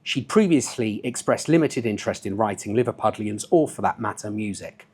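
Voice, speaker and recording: Husky man reading his novel aloud. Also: lowish voice, fairly quick. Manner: relaxed, with offhand asides.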